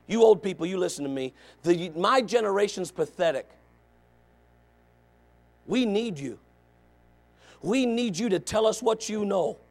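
High-pitched shouting preacher. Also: male voice, lively intonation, a little slow, long pauses. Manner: swings from low conversational asides to shouted exhortation; repetitive, emphatic preaching cadence. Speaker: pastor. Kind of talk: revival sermon.

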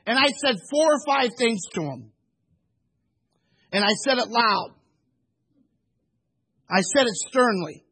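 A male pastor delivers a sermon in a high, husky voice. He tells his stories with emphasis and acts out the back-and-forth of each conversation. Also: animated, slow pace, long pauses, pushed and bright, rough recording. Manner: emphatic storytelling, acting out conversations.

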